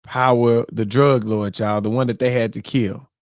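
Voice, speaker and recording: A man hosting a morning show, telling a story in a lively, excitable way and acting out his own reactions. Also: medium pitch, moderate pace, dry recording, studio quality. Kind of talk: animated casual storytelling.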